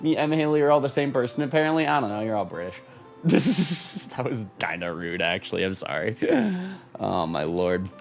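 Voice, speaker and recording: A man's voice: mid-range voice, sing-song, moderate pace, vocal fry, faint music behind. A man chatting casually with his live stream viewers, rambling, reading chat aloud and laughing often.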